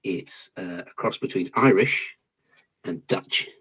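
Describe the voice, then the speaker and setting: A man's voice: sits low, slow pace, fairly bright tone, husky, rough recording. A British man chatting on a video call as a guest podcaster, joking and self-deprecating. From Britain. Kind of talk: casual video call chat.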